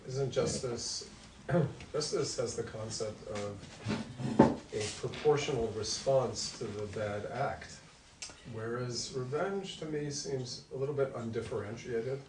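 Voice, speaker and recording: A man in a class discussion, giving a measured, thoughtful comment. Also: medium pitch, background noise. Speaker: class participant. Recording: distant from the mic in an echoey room.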